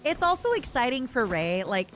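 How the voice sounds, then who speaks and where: Brief: young female streamer, bouncy and animated, rambling playful chatter to chat. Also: on the high side, moderate pace. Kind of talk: casual live-stream gaming chatter.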